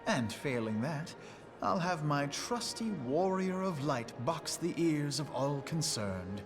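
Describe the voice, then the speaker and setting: An actor playing a formal, loyal male military leader in a video game, speaking in measured tones. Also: fairly high pitch, very animated. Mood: assured. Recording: game audio over music.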